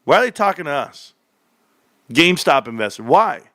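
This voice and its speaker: A man hosting casual stock market commentary, animated and joking, calling his viewers bro. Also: fairly high pitch, normal speed, dry recording, clean studio sound. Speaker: stock market video host.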